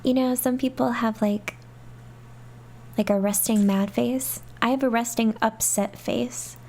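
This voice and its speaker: A young woman streams a game, chatting softly to herself through let's-play commentary and letting out excited squeals. Her voice is a little high and her pace measured.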